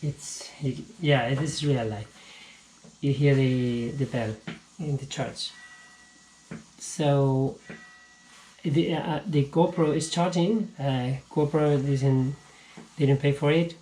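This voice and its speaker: A man teaching a casual physics lesson, halting and repeating words as he explains, recorded on an action camera at home. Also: mid-range voice, steady tone, mellow. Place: home room. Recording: echoey room with faint ambience.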